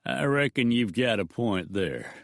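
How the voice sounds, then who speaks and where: A man's voice: mid-range voice, animated, unhurried, creaky, no echo, studio quality. A man voicing a crude, leering outlaw with a lazy, coarse drawl. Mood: mocking.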